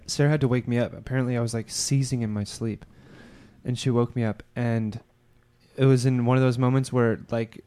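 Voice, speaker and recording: A man's voice: mid-range voice, a little mellow. A man on a podcast telling a long story in casual chat, rambling with many fillers and restarts. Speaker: podcast co-host.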